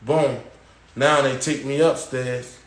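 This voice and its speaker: A man casually telling a long story on a live stream, dropping "yo" and "boom" as he goes and acting out the voices of others. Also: slow, reverberant. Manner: animated retelling, acting out quoted guards and inmates with raised pitch; slangy, repeats "yo" and "boom". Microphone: phone.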